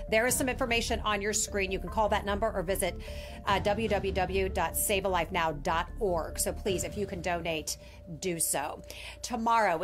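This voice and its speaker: Woman, medical show host, chatty, upbeat, faint music behind. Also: mid-range voice. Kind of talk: live medical show hosting.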